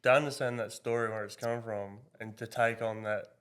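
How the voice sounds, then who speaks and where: A man's voice: on the low side, steady tone, moderate pace, fairly bright tone, clean tone. Rambling male podcast host. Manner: rambling questions with many restarts. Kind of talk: casual interview chat.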